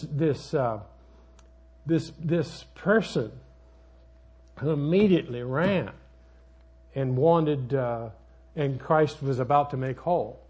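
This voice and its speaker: An older man preaching a sermon as a pastor, folksy and rambling, with sudden loud outbursts in his storytelling. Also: mid-range voice, slightly rough.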